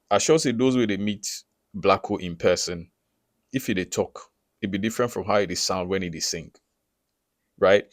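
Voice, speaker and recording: Guy, deep-ish voice, dry close sound, keeps asking if you get it. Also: fairly bright tone, no room sound. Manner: checks in often with rhetorical questions. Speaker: recording artist teaching branding. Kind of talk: casual explainer to camera.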